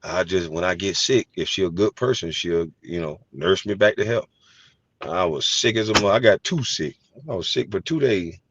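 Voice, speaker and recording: A low-voiced man telling funny stories. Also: normal speed, slight background noise. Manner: animated storytelling, profane, laughs easily. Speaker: host. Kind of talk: casual chat. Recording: dry, slightly dull sound.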